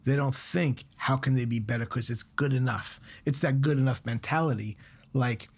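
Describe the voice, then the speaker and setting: A middle-aged man, a guest chef, talking bluntly and telling animated stories in a casual podcast chat. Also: medium pitch, normal speed, breathy edge. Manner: blunt, animated storytelling with swearing.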